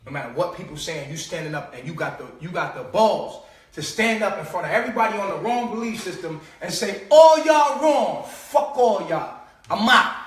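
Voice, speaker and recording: A man's voice: high-pitched, fairly bright tone, echoey room, far from the mic. A man hosting a casual live-stream monologue, preachy and profane, often laughing and asking rhetorical questions.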